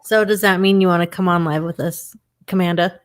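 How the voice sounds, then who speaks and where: A woman's voice: lowish voice, steady tone, fairly quick. A woman co-hosting a live recovery stream, chatting casually with short encouraging remarks. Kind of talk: casual livestream chat.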